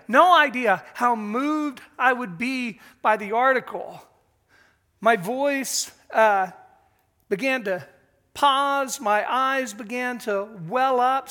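An older man telling a story in an earnest, emotional sermon style, pausing as he speaks. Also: very high voice, sharp tone.

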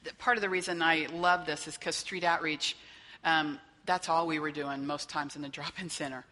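Woman teaching a church workshop, kinda low voice but bright, chatty, keeps asking "okay?", big echoey hall. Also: fairly even intonation, moderate pace. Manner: conversational, checks in with listeners by asking "okay?". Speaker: workshop trainer. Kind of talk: teaching a faith-based training session.

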